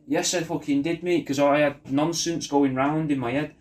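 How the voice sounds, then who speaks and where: A man's voice: fairly high pitch, steady tone, normal speed, hardly any pauses, darkish tone, a little hiss or hum. A man rambling through a personal video message, swearing a lot and often restarting his sentences. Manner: rambling, sweary, self-deprecating, with many restarts.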